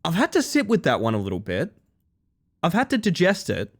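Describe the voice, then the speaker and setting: Lively, playful man streaming. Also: fairly high pitch, a little fast. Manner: chatty, playful, self-mocking, laughs often. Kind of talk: casual gaming stream chat.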